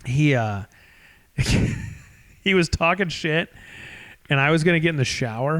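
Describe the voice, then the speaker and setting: A man's voice: a little high, measured pace. A man in his thirties, co-hosting a podcast and telling crude stories with lots of laughter. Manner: animated storyteller, laughs often, crude. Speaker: podcast co-host. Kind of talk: casual podcast chat.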